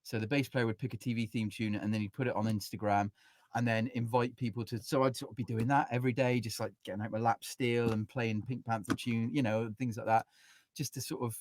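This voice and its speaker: Casting note: chatty male musician-teacher, mid pitch, rambling and self-interrupting, dry close sound. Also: fairly even intonation, a little fast, no echo. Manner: rambling, full of "you know", acts out quotes. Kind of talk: casual interview chat.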